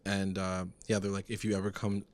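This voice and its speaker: A man's voice: low-pitched, completely flat delivery, brisk. A man co-hosting a podcast, recapping a TV episode in casual chat, rambling and full of fillers. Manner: rambling, filler-heavy, retells scenes. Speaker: podcast co-host.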